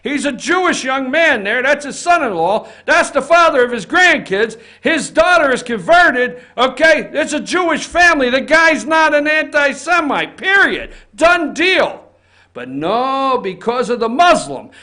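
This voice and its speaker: Man, talk show host, heated opinion monologue, very high pitch, swearing, office. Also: very animated, measured pace, pushed and bright. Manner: heated, ranting, swears often.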